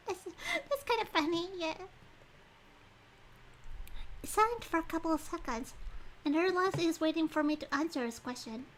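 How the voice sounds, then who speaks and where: A woman's voice: very high-pitched, big pitch swings, moderate pace, a bit bright, slight background noise. A woman streamer reading a visual novel aloud and chatting about it, giggly and thinking aloud.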